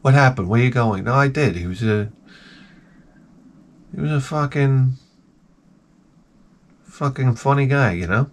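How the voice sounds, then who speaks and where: A man's voice: mid-range voice, animated, measured pace, pauses often. A middle-aged man telling rambling, self-mocking stories with casual swearing as a video host.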